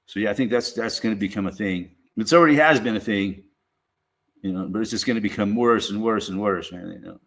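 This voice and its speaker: A man streaming a casual monologue, rambling and swearing freely, with lots of halting restarts and "you know". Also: lowish voice, fairly bright tone.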